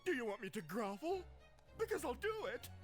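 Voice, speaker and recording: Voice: mid-range voice, very animated, a little fast, natural voice. A performer voicing a whiny, spoiled male pony prince who begs and pleads, in a fan-made game with music behind. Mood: pleading. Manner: whiny, begging.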